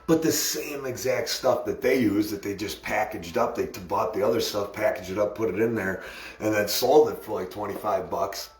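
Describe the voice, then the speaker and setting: A man's voice: lowish voice, normal speed. Rambling, chuckling man in an echoey room. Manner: rambling, laughing, self-mocking. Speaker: video host telling a personal story. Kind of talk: casual storytelling to camera.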